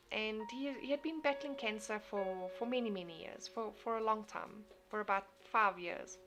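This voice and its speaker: Reading viewer comments on her casual motivational stream, a young woman from South Africa speaks in an earnest, mid-range, fairly bright voice. She keeps repeating and restarting her phrases.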